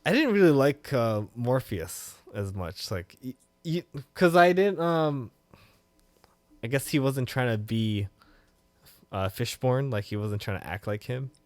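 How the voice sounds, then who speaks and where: A man's voice: medium pitch, a little slow, dry recording. A man co-hosting a podcast, chatting casually and animatedly, swearing freely. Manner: animated, swears freely, bursts into loud laughs. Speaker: podcast co-host. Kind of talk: casual chat.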